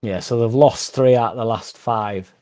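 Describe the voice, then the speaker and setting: At a moderate pace, this young man speaks in a mellow, medium-pitched voice. He hosts a fan stream full of casual rambling, reading chat comments aloud and swearing occasionally.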